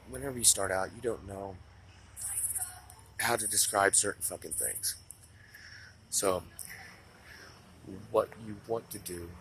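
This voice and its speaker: A man's voice: fairly low pitch, a bit bright, slight background noise, low-quality recording. A man giving casual self-help advice straight to camera, blunt and rambling, swearing freely and restarting his sentences. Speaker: self-help video maker. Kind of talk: casual unscripted talk to camera.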